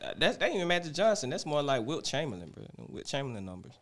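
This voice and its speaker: A man trades loud, teasing banter on a podcast. His pitch swings widely as he talks. His tone is bright and forceful. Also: sing-song, fast. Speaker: podcast co-host. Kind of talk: casual chat.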